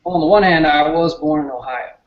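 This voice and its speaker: A man's voice: a little high, a little fast, dull audio, a crowd in the background. Earnest Southern-accented man, roomy sound. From southern United States. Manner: earnest, toned-down delivery. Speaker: guest, political candidate. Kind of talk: casual interview talk.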